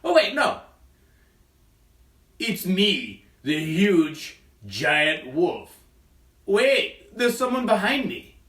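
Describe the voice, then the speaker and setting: Guy doing a showy big bad wolf puppet, lively up-and-down voice, echoey room. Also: high-pitched, drawn-out words, long pauses, distant mic, voice pushed up, full character voice. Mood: silly. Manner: showy, self-important, loud. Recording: echoey room, away from the mic.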